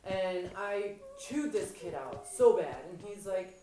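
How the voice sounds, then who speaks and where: A woman's voice: mid-range voice, slow pace. Woman chatting while gaming, swears a lot, sounds far off in an echoey room with noise behind. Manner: blunt, swears freely, animated retelling. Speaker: mother telling stories while gaming. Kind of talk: casual chat.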